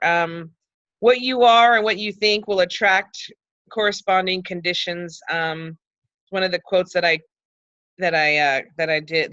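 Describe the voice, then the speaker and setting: A woman leads a group discussion over a video call, her voice bright and forward. She talks in halting bursts and often restarts her sentences. The call audio is dull and lo-fi. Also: medium pitch.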